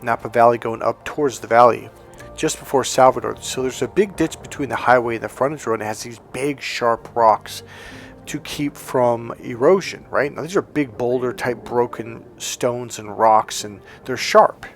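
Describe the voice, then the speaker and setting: A man's voice: medium pitch, normal speed, creaky, soft background music. A man telling a childhood story in a casual monologue, with frequent "like" fillers and quoted lines. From Northern California. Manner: casual, heavy use of "like", acts out quoted lines. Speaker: relationship coach.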